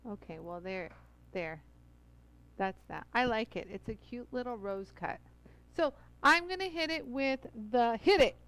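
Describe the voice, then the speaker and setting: A woman's voice: a little high, animated, a little slow, a bit bright, clean tone, low-quality recording. A woman hosting a live product demonstration, chatty and laughing often as she greets viewers by name. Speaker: livestream demo host.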